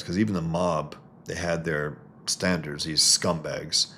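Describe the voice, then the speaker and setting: A man's voice: extremely low pitch, steady tone, unhurried, few pauses, a bit bright, slight background noise. A man reviewing a comic book in casual, rambling commentary, talking to his viewers. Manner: rambling, conversational, many restarts.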